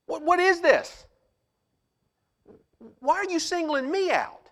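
A man's voice: very high voice, animated, fairly bright tone, pitched above the performer's own voice, full character voice. A man voicing a bewildered male disciple who fires off incredulous questions about being singled out. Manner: incredulous, rapid-fire questions.

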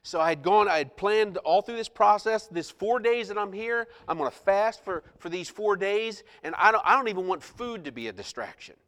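High-voiced man preaching in a reverberant hall. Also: moderate pace, few pauses. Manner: animated, self-mocking storyteller. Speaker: pastor. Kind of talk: storytelling sermon.

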